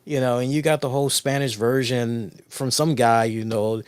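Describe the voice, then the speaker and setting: Excitable rambling man, dry close sound. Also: mid-range voice, normal speed, hardly any pauses, clean tone, dry recording. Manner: rambling, excitable, profane storytelling. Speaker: podcast co-host. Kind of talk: casual chat.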